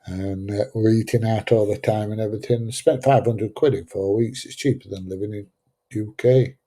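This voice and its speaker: A man's voice: lowish voice, steady tone, moderate pace, dark tone. A man in his seventies with a Sheffield accent, chatting casually on his livestream in a rambling, blunt way. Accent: Sheffield English. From Sheffield, England. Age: 70s. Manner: rambling, chatty, blunt, drops into mild swearing. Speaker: livestream host. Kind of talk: casual livestream chat reading out viewer comments.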